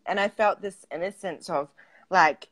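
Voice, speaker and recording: A woman's voice: lowish voice, moderate pace, a bit bright. A woman, a tantra coach, telling a personal story in a casual way, with lots of fillers and frequent laughter. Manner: chatty, filler-heavy, laughs often.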